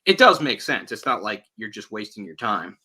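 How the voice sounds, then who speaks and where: Podcast host, male, very bright edgy tone, lively and conversational. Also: on the low side, normal speed, husky. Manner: animated, acts out quoted lines. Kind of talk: casual film discussion.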